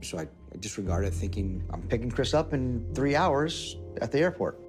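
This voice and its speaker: A man recounts a story in an interview and acts out what each person said. Music plays clearly behind him. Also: mid-range voice, very animated, moderate pace. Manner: acts out quoted dialogue.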